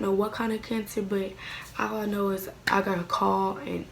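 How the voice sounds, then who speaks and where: A woman's voice: mid-range voice, level tone, normal speed, gravelly, slight background noise. A woman talking in a rambling, heartfelt personal vlog at home at night, often near tears. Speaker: vlogger.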